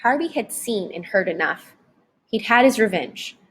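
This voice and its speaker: A woman narrating a novel chapter aloud in a dramatic, expressive audiobook reading. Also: medium pitch, normal speed, slight background noise. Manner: dramatic, varied storytelling delivery.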